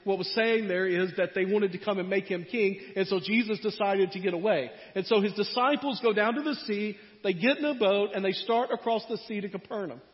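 A man preaching a sermon in a conversational way, his voice swinging between loud and quiet. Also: high-pitched, brisk, hardly any pauses. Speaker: pastor. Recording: muffled sound in a reverberant hall.

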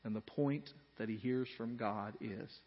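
A man preaching a sermon as pastor, earnest, swinging from quiet reflection to loud emphasis. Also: fairly low pitch, unhurried, husky. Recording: dull sound in a reverberant hall.

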